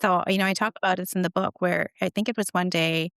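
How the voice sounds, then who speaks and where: A woman's voice: on the low side, steady tone, quick pace, fairly bright tone, smooth, no echo, clean studio sound. A middle-aged woman, a guest author, telling stories in an earnest, reflective way during an interview. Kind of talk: conversational interview.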